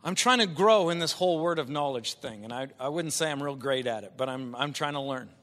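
A male preacher delivering an impassioned sermon, swinging from quiet talk to shouting. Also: fairly high pitch, expressive, fairly quick. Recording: long hall reverb.

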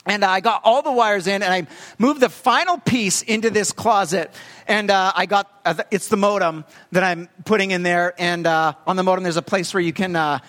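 A young adult man preaching a storytelling sermon as pastor, talking in a conversational, halting way with plenty of fillers. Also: high-pitched, fairly bright tone. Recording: long hall reverb.

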